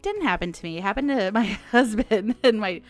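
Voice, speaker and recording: A woman's voice: mid-range voice, fairly quick. Lady rambling thru a story, laughs a lot, faint music under it. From United States. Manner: chatty, laughs often, animated retelling. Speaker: podcast host. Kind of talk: casual storytelling monologue.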